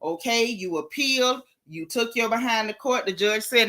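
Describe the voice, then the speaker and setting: A sassy woman with a Southern drawl runs a livestream gossip show, hammering her points home by saying them twice. Her voice sits a little high and rings bright and forceful. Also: animated, moderate pace. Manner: sassy, emphatic, repeats lines for effect. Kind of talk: casual livestream gossip commentary.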